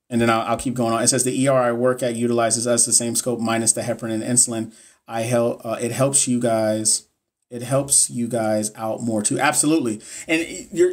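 Blunt motivational man on a livestream. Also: medium pitch. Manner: blunt, profane, motivational, talks straight to viewers by name. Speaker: nursing exam coach. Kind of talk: livestream Q&A, answering chat comments.

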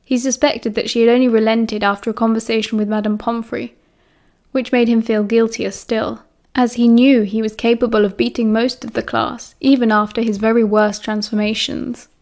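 A British woman narrates a novel audiobook in a steady, even reading. Her voice sits a little higher than most women's and keeps an unhurried pace.

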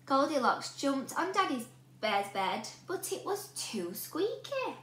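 A woman teacher reads a storybook aloud to children, slowly and with a high voice. She talks in an animated way and asks the listener questions. The room sounds roomy, with a faint hum behind.

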